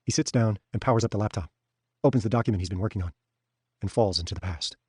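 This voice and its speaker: A man reading an audiobook aloud on a stream in a steady storytelling manner. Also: lowish voice, quick pace, husky, no echo, clean studio sound. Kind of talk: audiobook narration.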